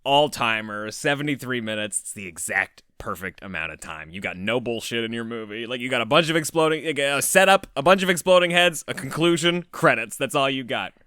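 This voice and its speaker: Bright-voiced jokey man co-hosting a podcast. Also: mid-range voice, expressive, smooth, no room sound, studio quality. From Canada. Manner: jokey, upbeat, quick asides. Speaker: podcast co-host. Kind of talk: casual podcast chat.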